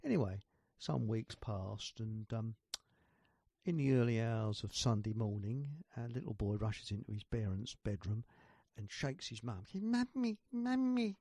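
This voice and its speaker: A man telling a rambling joke with many fillers, in a husky, gravelly voice. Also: on the low side, normal speed, dark tone, dry recording. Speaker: joke teller. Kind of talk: telling a joke, replayed clip.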